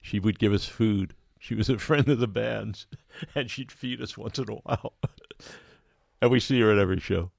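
A man talks as a guest in relaxed conversation, looking back on his time in a band. His voice is low and gravelly with vocal fry, and the sound is dry and close. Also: moderate pace, no echo. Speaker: guest, musician. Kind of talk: casual chat.

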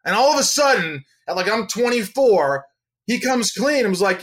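A man's voice: sits high, brisk. A middle-aged man, a podcast guest, telling casual stories and acting out the people in them. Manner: animated, acts out quoted people. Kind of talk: casual storytelling.

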